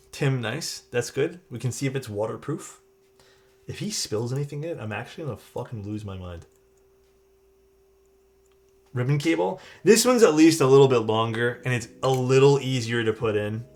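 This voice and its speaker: A man's voice: medium pitch, animated, moderate pace, darkish tone. A young man chatting loosely with viewers while building a keyboard on a live stream, rambling and swearing casually.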